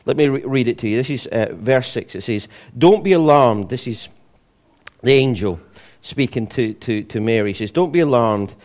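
A man giving a sermon like a story told among friends, chatty and humorous. He stumbles and restarts often, and his pitch sits in an ordinary middle range. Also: moderate pace, a little mellow. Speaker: preacher.

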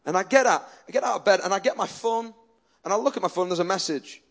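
A man's voice: sits high, fast talker, vocal fry. A male pastor preaching a sermon earnestly and emphatically, often restarting his sentences.

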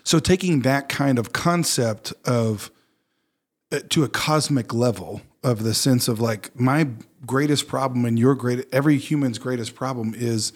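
A man's voice: medium pitch, measured pace. A man in casual conversation on a faith podcast, thinking aloud in an earnest, reflective way. He often circles back with fillers and restarts.

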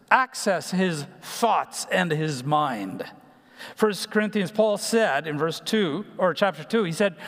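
A man preaching a numbered sermon, pausing with fillers and restarting phrases. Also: high-pitched, fairly bright tone. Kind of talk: sermon teaching. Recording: long hall reverb.

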